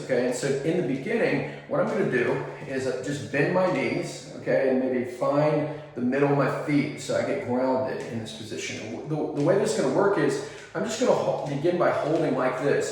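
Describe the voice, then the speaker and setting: Guy walking you thru arm exercises, chill demo talk, big echoey room w long reverb. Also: medium pitch. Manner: relaxed, talks while demonstrating exercises, frequent "okay?" check-ins. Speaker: fitness coach for singers. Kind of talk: instructional demonstration.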